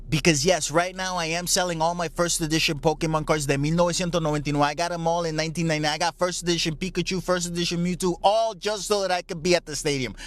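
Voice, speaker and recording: A man's voice: on the high side, a bit bright. A Puerto Rican man hosting a podcast, delivering a profane comedic rant and switching freely between English and Spanish. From Puerto Rico. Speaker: podcast host.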